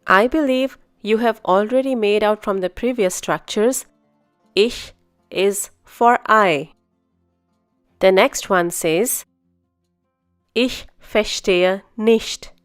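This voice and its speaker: A woman teaching a beginner language lesson, speaking slowly and carefully and repeating each phrase. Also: mid-range voice, faint music behind. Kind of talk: scripted language lesson narration.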